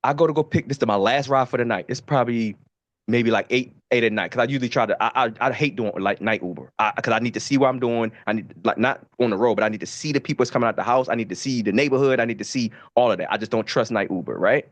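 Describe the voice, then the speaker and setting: A man from Baltimore, a podcast co-host, telling stories in a profane, animated casual way. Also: medium pitch, fast, no echo. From Baltimore, USA. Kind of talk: casual storytelling.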